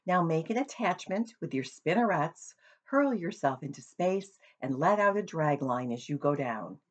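A woman voicing a calm, patient female spider in a storybook reading. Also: sits low, normal speed, lo-fi sound. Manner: calm, patient, gently instructive.

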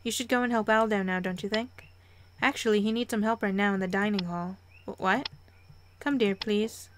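A woman's voice: medium pitch, steady tone, moderate pace, a little hiss or hum, close to an everyday voice. A woman reading the lines of a motherly woman who coaxes and calls people dear, in a game let's play. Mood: coaxing.

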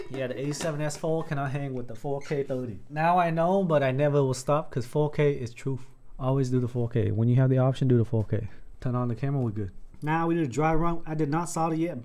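A man's voice: medium pitch, darkish tone. A man chatting casually while building a keyboard on stream, laughing often and swearing freely. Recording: background music under voice.

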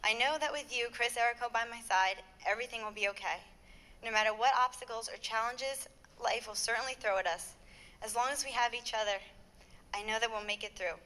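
A woman's voice: fairly high pitch, fairly quick, sharp tone. A young woman, the bride, reading heartfelt wedding vows at her ceremony. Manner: heartfelt, earnest, with light laughs.

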